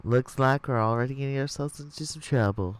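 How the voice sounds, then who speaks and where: A man's voice: mid-range voice, a little fast, no room sound, natural voice. A man voicing a charming, teasing young male hero with a put-on Southern US drawl. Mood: playful. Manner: playful drawl.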